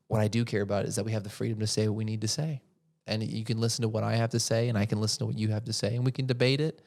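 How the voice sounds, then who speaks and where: A man's voice: lowish voice, gravelly. A man hosting a podcast, giving an opinionated monologue and asking rhetorical questions that he answers himself. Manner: rhetorical, asks questions then answers them. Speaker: podcast host.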